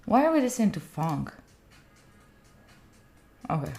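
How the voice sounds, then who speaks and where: An Italian woman whose first language is Italian chats casually with her viewers as a live streamer, thinking aloud while she sets up and talking straight to chat. Her voice is on the low side, dark and creaky, very animated yet measured in pace. Faint music plays behind her.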